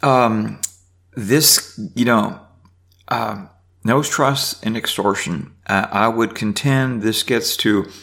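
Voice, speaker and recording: A man's voice: fairly low pitch, slow pace, creaky, fairly bright tone. A man giving an informal Bible teaching, reading verses aloud and commenting with frequent restarts. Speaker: preacher.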